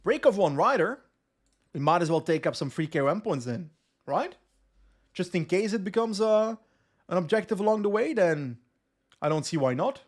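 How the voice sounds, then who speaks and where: Speaking with a Flemish accent, a young West Flemish streamer, native in Dutch (West Flemish) and from Belgium's West Flanders, provides relaxed live commentary on a cycling game. His high, animated voice moves at a moderate pace with frequent pauses as he reads out chat messages and answers them in a chatty way.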